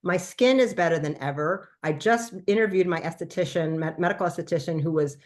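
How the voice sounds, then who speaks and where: Animated woman telling a testimonial story. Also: fairly low pitch, brisk. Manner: animated storytelling, acts out quoted dialogue. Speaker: doctor giving a product testimonial. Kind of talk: casual testimonial talk.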